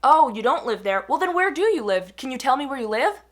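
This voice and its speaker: A woman's voice: high-pitched, big pitch swings, fairly quick. A woman voicing a creepy, overly friendly man who keeps prying. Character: pushy, creepy adult man stranger.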